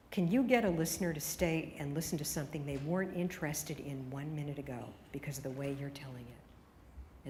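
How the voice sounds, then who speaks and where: A woman delivers a keynote to broadcasters in a large hall, with a long reverb trailing her words. Her voice sits a little low for a woman, and she drives her points with punchy, rapid-fire rhetorical questions. Faint room ambience hums underneath. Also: darkish tone, slight background noise. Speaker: radio consultant giving a keynote. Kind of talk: conference keynote.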